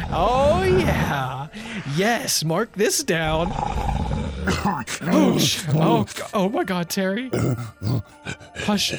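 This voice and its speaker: Frantic, rambling comic voice over music. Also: medium pitch. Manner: rambling, repetitive, frantic, swears a lot. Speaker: comedic character monologue performer. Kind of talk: improvised comedic monologue.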